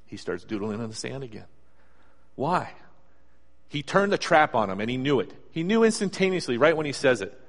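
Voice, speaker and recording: A man with a fairly high voice delivers a sermon, chatting with his listeners and acting out little scenes along the way. His voice rings with a long reverb, like a big hall. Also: moderate pace. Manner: conversational, animated storytelling with acted asides. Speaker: preacher.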